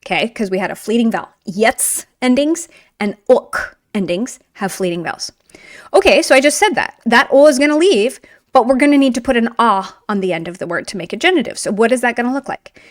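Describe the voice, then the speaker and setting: Woman teacher, upbeat and chatty, fairly high voice, drilling word endings at a board. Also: expressive, brisk, no room sound, studio quality. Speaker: language teacher. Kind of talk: video language lesson.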